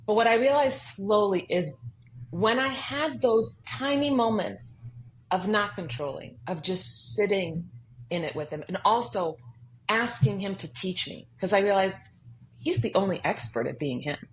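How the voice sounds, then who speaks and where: A woman, a guest author in a podcast studio, tells a personal story earnestly and emphatically, acting out the voices in her head. Her mid-range voice has lively intonation and a measured pace. The audio is poor, with a little hiss or hum.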